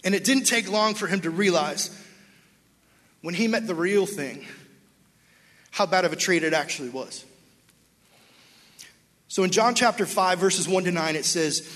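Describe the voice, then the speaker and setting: A man preaching a sermon to a church congregation, telling a story and acting out its dialogue in an animated way. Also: sits high, measured pace, pauses often. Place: church sanctuary. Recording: long hall reverb.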